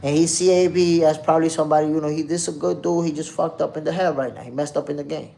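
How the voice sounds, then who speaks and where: A man's voice: a little high, steady tone, fast talker, vocal fry, mellow. A man hosting a live boxing stream, chatting casually and reading viewer comments in loose slang. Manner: loose slangy street talk, addresses chat directly.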